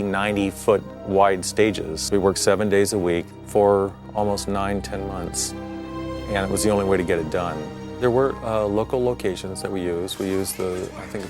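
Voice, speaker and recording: A man with a very deep voice speaks unhurriedly as the production designer, pausing on fillers. His featurette interview runs over a clear music bed. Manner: relaxed, drawn-out with fillers.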